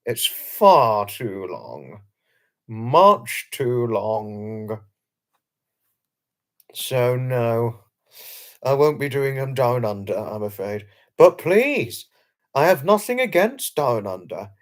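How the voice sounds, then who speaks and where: A British man hosts a late-night livestream from a home setup. He reads viewers' comments aloud and answers them by name. His talk is casual and emphatic, and he repeats phrases often. His voice sits in an ordinary middle pitch. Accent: British English. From England. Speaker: livestream host.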